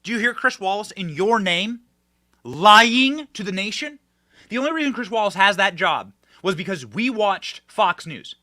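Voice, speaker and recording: A man hosting a political commentary show, talking emphatically and swinging between loud outbursts and hushed asides. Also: high-pitched, animated, normal speed.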